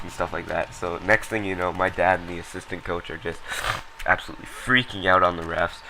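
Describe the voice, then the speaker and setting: A man's voice: sits low, steady tone, brisk, noisy background. A young man casually commenting over a recorded hockey match, rambling with lots of ums and blunt, profane remarks. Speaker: gameplay commentator.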